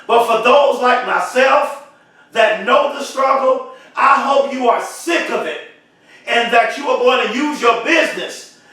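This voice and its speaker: A man giving an impassioned motivational speech, repeating phrases and swelling into shouts. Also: very high-pitched, a little slow. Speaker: motivational speaker. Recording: very echoey, voice far from mic.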